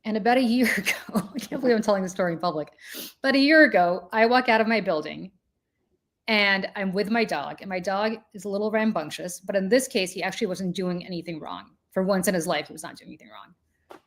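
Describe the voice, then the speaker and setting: A woman's voice: medium pitch, fairly quick. A woman in her forties, a podcast host, telling a self-deprecating story in casual chat.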